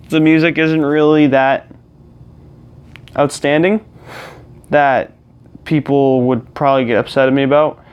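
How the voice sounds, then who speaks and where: A young man with a fairly high, smooth voice chats casually to camera while gaming, vlogger-style, rambling with lots of fillers and restarts. He's recorded on a clip-on lapel mic plugged into his phone, and the audio sounds dull.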